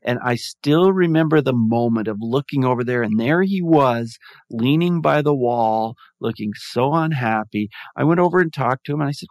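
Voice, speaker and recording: A man's voice: medium pitch, moderate pace, no room sound. Earnest man telling a story, dry sound. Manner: earnest, reflective, with frequent restarts. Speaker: guest, former music teacher. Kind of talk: storytelling interview answers.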